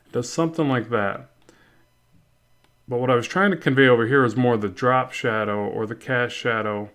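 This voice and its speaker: A man's voice: mid-range voice, normal speed, fairly bright tone, clear, resonant tone. A man narrates a drawing lesson in an easygoing, conversational way. He thinks aloud as he works, second-guesses himself and corrects course as he goes. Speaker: art instructor. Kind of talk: casual drawing tutorial narration.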